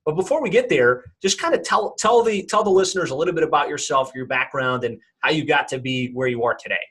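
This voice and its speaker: Podcast host guy, bit husky, earnest, says uh and um a lot. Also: fairly high pitch, quick pace, a bit bright. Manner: earnest, many fillers and restarts. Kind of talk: interview introduction.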